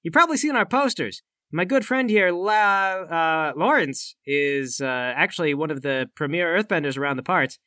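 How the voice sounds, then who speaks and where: A man's voice: on the high side, lively intonation, normal speed, few pauses, bright, forceful tone, no room sound, clean studio sound. A man playing a tabletop game, joking and trash-talking in character. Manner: brash, joking trash talk. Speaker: player. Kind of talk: tabletop game role-play.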